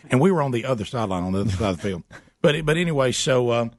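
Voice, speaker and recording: Animated man telling stories. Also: medium pitch, rapid-fire. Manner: animated, acts out voices in his stories. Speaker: show host and youth football coach. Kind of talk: storytelling in casual chat.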